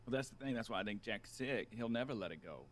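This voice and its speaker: A man plays an aging outlaw in a western roleplay game, with a lowish voice. He muses slowly in halting phrases, often restarting. The outlaw is weary and reflective. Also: animated, a bit bright. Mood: brooding. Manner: halting, many restarts, musing. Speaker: roleplay player.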